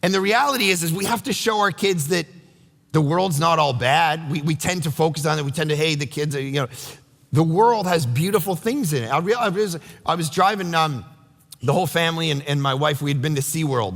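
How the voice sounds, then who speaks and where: A middle-aged man preaching a sermon as pastor, animated and acting out quotes in voices. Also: a little high, fairly quick, vocal fry, in a large hall. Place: church sanctuary.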